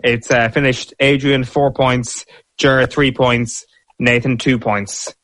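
A man hosting a casual sports quiz, reading questions briskly and giving quick verdicts. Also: mid-range voice, level tone, a bit bright, no echo. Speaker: quiz host.

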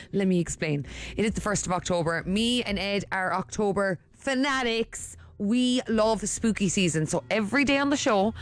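A woman co-hosting a casual show, excitable and chatty. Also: medium pitch, normal speed. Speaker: co-host. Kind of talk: casual chat.

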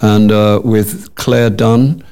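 Dry-humored man with a gravelly low voice. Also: flat delivery, warm tone. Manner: dry, wry, with halting restarts. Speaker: actor guest. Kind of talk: casual interview chat.

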